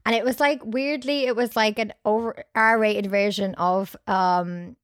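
A woman's voice: medium pitch, steady tone, unhurried, clean tone, no room sound. Chatty young woman, dry close sound. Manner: chatty, recaps scenes while acting out characters' lines. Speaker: podcast co-host. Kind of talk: casual film discussion.

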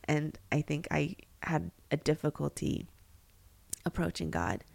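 A young woman with a fairly low voice talks in a candid, reflective way on a faith podcast. She thinks aloud and fills her sentences with "like" and "um." Her tone is earnest and personal. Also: big pitch swings, a little slow, gravelly, a little mellow. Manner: earnest, reflective, many fillers and restarts. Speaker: podcast co-host.

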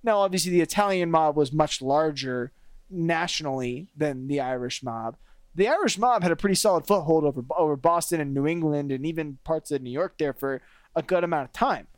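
A man co-hosting a casual podcast, talking in an animated way and leaning on "like" and "kinda". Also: a little high, a little fast, dry recording. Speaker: podcast co-host.

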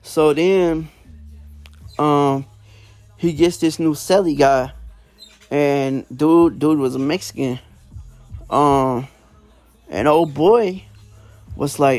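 A man's voice: on the high side, slow pace, long pauses, darkish tone, no echo, faint music behind. A man casually retelling prison stories, rambling with lots of fillers and slang. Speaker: storyteller.

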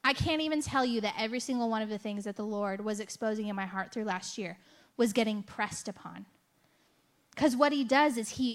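A woman giving a conversational sermon testimony, telling her story candidly with a self-mocking streak and a lot of "like" and "right?". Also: fairly high pitch. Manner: chatty storytelling with frequent "like" and "right?". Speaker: speaker sharing a faith testimony.

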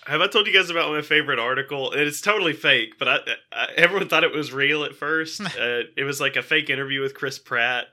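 Man, podcast co-host, very bright tone, rambling jokey riffs, punchy and worn out. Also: a little high, quick pace, hardly any pauses. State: tired and punchy after a long session. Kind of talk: punchy casual banter among friends.

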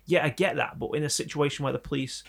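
Fast-talking gravelly English man. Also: a little high. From England. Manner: animated, sweary storytelling. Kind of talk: casual chat.

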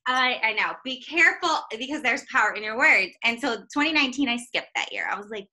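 Bright-voiced chatty woman. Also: a little high, expressive, fairly quick, few pauses. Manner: chatty, self-deprecating, laughs often. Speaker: guest, minister's wife and mother. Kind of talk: casual faith conversation.

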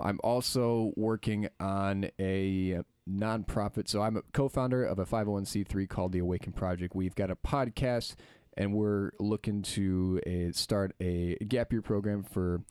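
A young man telling stories in a casual podcast chat, lively and quick to mimic others. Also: lowish voice, clear, resonant tone, no room sound, studio quality. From United States. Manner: lively storyteller, slips into mimicking voices. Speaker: podcast guest.

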